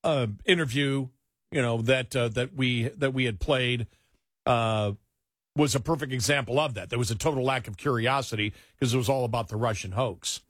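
A middle-aged man, a talk host, speaking bluntly and emphatically in casual political chat, often halting on fillers. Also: mid-range voice, fairly bright tone, no room sound, clean studio sound.

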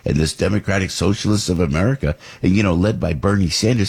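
Gravelly deep-voiced talk radio man. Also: quick pace, few pauses, a little mellow. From New Jersey. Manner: rambling, indignant ranting. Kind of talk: political talk radio monologue.

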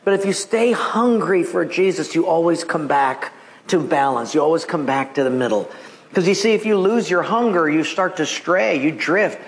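A man in his seventies, a pastor, preaching a sermon and telling jokes to his congregation. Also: fairly high pitch. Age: 70s. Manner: animated storyteller, joking. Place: church sanctuary with congregation.

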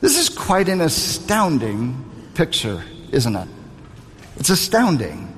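A pastor in his thirties delivers a sermon at a deliberately unhurried pace, stressing each point and repeating key phrases for weight. His voice sits a little high for a man. The sound carries the long, ringing reverb of a large hall. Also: wildly swooping pitch. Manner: slow, emphatic preaching with repeated phrases.

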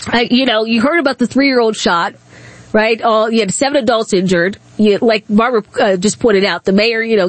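A female talk radio host who talks bluntly and with indignation, breaking off and restarting as she goes. Her voice sits fairly high and comes through a dry, close studio microphone with no room sound. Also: no room sound. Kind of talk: opinionated call-in talk.

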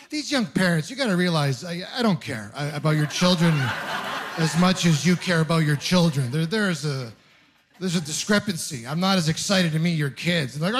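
A young man from Ontario doing a stand-up comedy set in a club, telling self-deprecating, exasperated stories with quick asides. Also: on the high side, animated. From Canada (Ontario). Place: comedy club stage with audience laughter.

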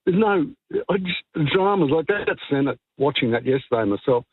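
A man's voice: on the high side, animated, a little fast, slightly rough, no echo. A male caller with an Australian accent, indignant and rambling as he airs a complaint on talkback radio. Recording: phone line.

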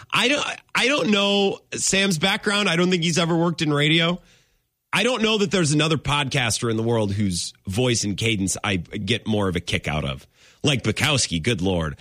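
A man hosting a sports podcast, his pitch climbing and dropping all over as he talks. He chats casually, laughs a lot and wanders off his point before coming back to it. The sound is dry and close. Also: dry recording. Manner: animated, laughs often, wanders off and circles back.

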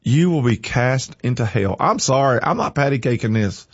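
A man's voice: medium pitch, lively intonation, moderate pace, slightly rough, no echo, lo-fi sound. A man hosting a morning show, chatting folksy and then preaching with energy. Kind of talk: casual chat turning to preaching.

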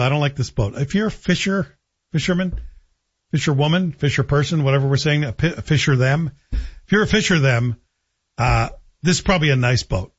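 A man's voice: a little high, breathy edge. Wry, chatty male radio host. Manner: chatty, wry, self-deprecating asides. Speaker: radio talk show host. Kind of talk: casual radio monologue. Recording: dull lo-fi radio broadcast.

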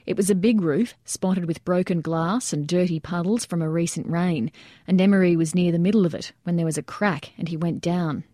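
Woman with a low, mellow voice narrating. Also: no echo, clean studio sound. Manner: measured, steady storytelling that raises its voice for shouted quotes. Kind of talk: nonfiction audiobook narration.

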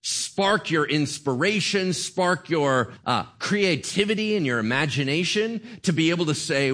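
A man preaching a sermon to his congregation, conversational and animated, often checking in with the crowd. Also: fairly high pitch, measured pace, hardly any pauses. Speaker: pastor.

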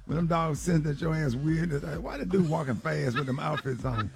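A man's voice: a little high, a little fast, gravelly, crowd noise. A man hosting a morning radio show, teasing his co-host and cracking jokes while taking calls. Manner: teasing, wisecracking. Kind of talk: joking morning radio banter. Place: radio studio.

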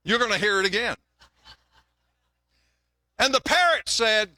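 A man's voice: high voice, animated, a little slow, pauses often, sharp tone, no room sound. An older man preaching a sermon in a folksy, conversational way, often restarting his words and mixing in jokes. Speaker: pastor.

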